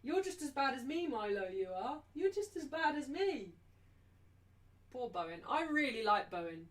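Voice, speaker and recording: A woman's voice: high voice, very animated, normal speed. A chatty woman streams a live match watchalong, her voice sitting a little above the usual range. She drifts between casual commentary and sing-song baby talk to her dog. She sounds a touch distant from the microphone.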